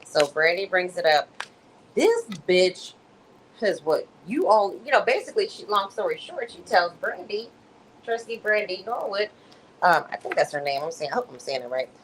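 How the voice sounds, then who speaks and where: A woman host telling a story on a casual livestream, animated and freely profane. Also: lowish voice, normal speed, a little hiss or hum, low-quality recording.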